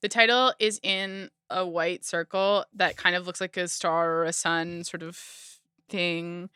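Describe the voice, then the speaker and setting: A woman's voice: on the low side, fairly even intonation, sharp tone, smooth, no echo, clean studio sound. A woman co-hosting a book podcast, joking playfully and guessing plots in casual chat. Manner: playful, jokey, quick asides. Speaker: podcast co-host.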